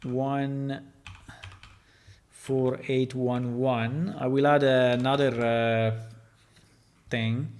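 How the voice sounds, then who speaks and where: A man who is not a native English speaker, a game developer thinking aloud while he works, halting and full of fillers. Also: mid-range voice, gravelly, a little mellow. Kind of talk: casual livestream while working on a game.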